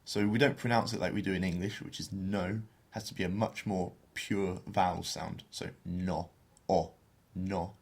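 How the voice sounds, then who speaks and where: A man co-hosting a beginner Spanish podcast, explaining phrases and slowing down to model pronunciation. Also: sits low, steady tone, vocal fry, breathy edge. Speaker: podcast co-host teaching Spanish.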